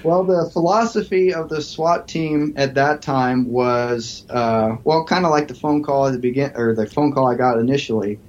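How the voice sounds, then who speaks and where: A man's voice: medium pitch, moderate pace, few pauses, darkish tone, highs cut off, slight background noise. A man, a police negotiator and psychology professor, telling a story as a podcast guest and acting out the quoted voices.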